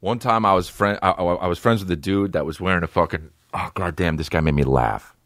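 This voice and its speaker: A man's voice: deep voice, brisk, fairly bright tone, no echo, studio quality. A man in his thirties hosting a comedy podcast, telling stories with constant swearing and acting out other voices. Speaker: podcast host. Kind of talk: profane comedic storytelling.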